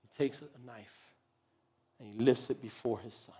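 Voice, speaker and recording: A man preaching a sermon in church, animated, acting out little voices and laughing often. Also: medium pitch, moderate pace, husky. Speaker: pastor. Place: church sanctuary.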